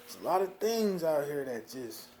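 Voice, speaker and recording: A young man from New Jersey venting about being a father in a casual monologue, animated, with lots of "you know what I mean". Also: moderate pace, a little hiss or hum. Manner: animated, swings loud and high when worked up, frequent "you know what I mean". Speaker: vlogger talking about fatherhood.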